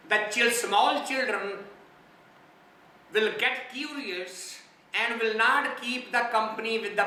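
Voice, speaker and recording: In an echoey hall, picked up by a far-off microphone, a spiritual teacher from India preaches on a hymn in a high, bright, pushed voice, frequently posing questions to the audience.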